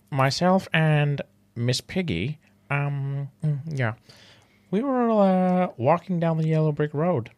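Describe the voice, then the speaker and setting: A man doing an impression of a gentle male frog puppet, telling a slow, soft bedtime story full of hums. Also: a little high, smooth, dull audio. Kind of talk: impression game.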